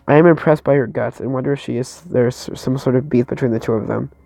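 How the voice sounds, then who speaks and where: Gravelly man reading a game story aloud. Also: medium pitch, fast, warm tone, no echo, low-quality recording. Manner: stumbling over words, restarting. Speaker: narrator and player.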